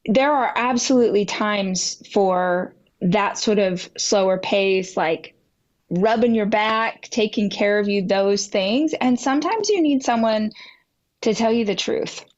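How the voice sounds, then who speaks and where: A woman guest on a podcast telling a personal story with animated delivery, acting out dialogue with big jumps in pitch. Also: a little slow, highs cut off. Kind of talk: candid storytelling in a podcast interview.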